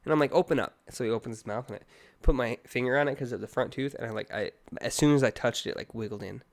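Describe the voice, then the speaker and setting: A man's voice: medium pitch, quick pace. A man co-hosting a casual podcast, telling rambling stories about his kids. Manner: rambling storytelling, lively retelling of kids' voices. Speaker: podcast co-host.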